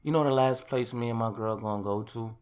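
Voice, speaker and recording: A young man hosting his own podcast, ranting in a casual monologue that swings from loud outbursts to calmer talk. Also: medium pitch, a little fast, smooth. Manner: rants loudly, then calms down. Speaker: podcast host.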